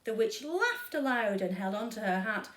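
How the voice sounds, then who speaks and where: Expressive woman reading a children's story. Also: on the high side, distant mic. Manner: expressive, dramatic, slow. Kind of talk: children's read-aloud storytime. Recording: echoey room.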